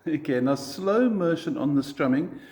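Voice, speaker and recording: A man's voice: fairly high pitch, lively intonation, moderate pace, darkish tone. A man teaching a guitar lesson, patiently explaining chords and counting the beats aloud.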